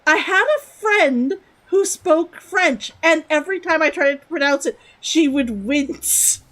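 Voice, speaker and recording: A woman's voice: high-pitched, a little slow, a bit bright. A woman streaming a game, chatting casually and giggling as she answers her chat.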